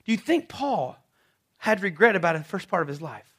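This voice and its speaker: A man preaching a sermon to a congregation, telling the story dramatically and dropping suddenly to a soft voice. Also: high voice, big pitch swings, fairly quick, husky. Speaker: pastor. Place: church service before a congregation.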